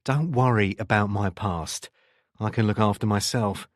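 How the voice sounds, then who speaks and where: A man's voice: fairly low pitch, normal speed, no room sound, clean studio sound, lightly acted. A man voicing a self-assured, hard-boiled male detective with a London accent in an audiobook. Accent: London English. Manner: calm, reassuring.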